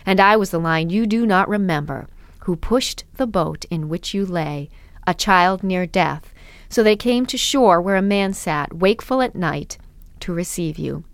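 A woman voicing a great, wise male lion in a storybook reading, speaking low, slow and hushed, sometimes half whispered. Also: animated, no room sound. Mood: solemn.

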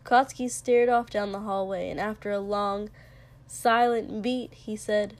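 A woman narrates a story aloud in an unhurried, measured way. Her mid-range voice stays even as she moves through the prose. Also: medium pitch. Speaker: reader. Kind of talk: reading fiction aloud.

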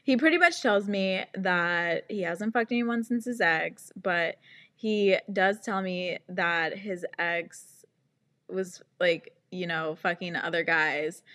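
A woman's voice: on the low side, pushed and bright. A young woman hosting a podcast, ranting in a sarcastic, exasperated way and swearing often. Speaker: podcast host. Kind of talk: casual podcast rant.

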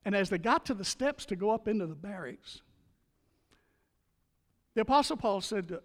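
A man's voice: high voice, lively intonation, moderate pace, long pauses. An older man preaching a sermon as pastor, retelling scripture with dramatic emphasis. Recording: long reverb of a large hall.

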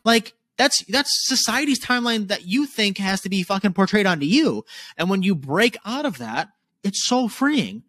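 A man in his twenties talking candidly as a podcast guest, casual and animated, swearing freely. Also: high voice, normal speed, no room sound. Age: 20s.

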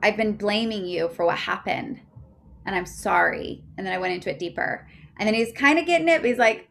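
A woman in her thirties, a podcast guest telling a personal story in a chatty way, full of fillers and getting loud when excited. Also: mid-range voice, fairly quick, vocal fry.

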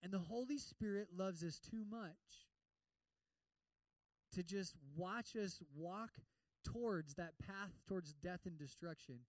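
A male pastor giving a lively sermon, acting out prayers in other voices and slipping in humor. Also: high-pitched, slow pace, dry recording, recorded from a distance, rough recording.

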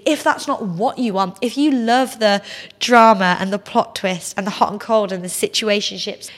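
A woman's voice: medium pitch, normal speed. A woman, casually telling a personal story as a podcast host, chatty and full of "like". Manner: chatty, heavy use of "like", animated quoting. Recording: long hall reverb.

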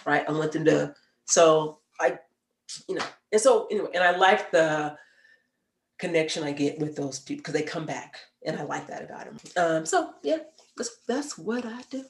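A woman in her forties, a podcast guest, telling stories in a lively, emphatic way and laughing now and then. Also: deep voice, normal speed, echoey room, a little hiss or hum. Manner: animated storyteller, emphatic and laughing. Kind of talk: casual chat.

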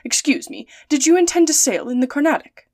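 A woman's voice: high voice, lively intonation, brisk, a little mellow, dry recording, clean studio sound, voice pushed up. A woman doing a scheming, overly polite detective. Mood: feigned politeness. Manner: eager, falsely courteous.

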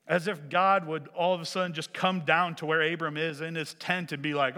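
A male preacher giving a sermon, animated, swinging from loud emphasis to hushed lines. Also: on the high side, fairly quick, hardly any pauses. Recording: echoey hall.

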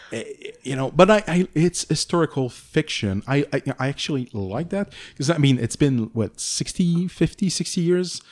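A man's voice: on the high side, expressive, moderate pace, darkish tone. A man co-hosting a podcast, discussing a novel casually and thinking aloud as he searches for words. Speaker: podcast co-host.

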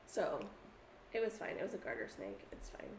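Animated swearing woman storyteller. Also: deep voice, a little slow, roomy sound, a little hiss or hum. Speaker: podcast co-host. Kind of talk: casual chat.

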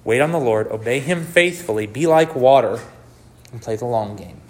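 A man preaching a sermon, swinging between loud, emphatic bursts and quiet, low lines, and acting out anxious voices in quotes. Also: lively intonation, normal speed.

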